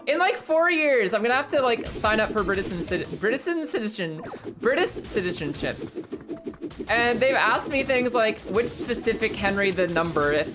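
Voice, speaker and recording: A young woman chatting casually on a live stream, playful, swearing freely and tripping over tongue twisters. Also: medium pitch. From United States. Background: music.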